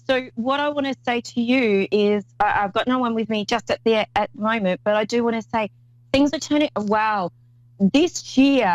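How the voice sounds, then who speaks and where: A woman's voice: mid-range voice, no room sound, lo-fi sound. A woman hosting a call-in psychic reading show, talking in an effusive, rambling way with many restarts. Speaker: psychic medium host.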